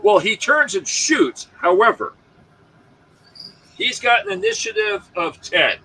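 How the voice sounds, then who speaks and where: A man running a tabletop role-playing game as game master, who laughs often and shouts out the characters' lines. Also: sits high, huge pitch swings, measured pace, a little hiss or hum, rough recording.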